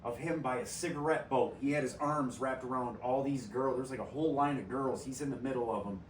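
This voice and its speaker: A man's voice: mid-range voice, fairly quick, distant mic, slight background noise. A man hosting a podcast in casual chat, telling profane stories and laughing often. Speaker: podcast host. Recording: roomy echo from off-mic, faint ambience.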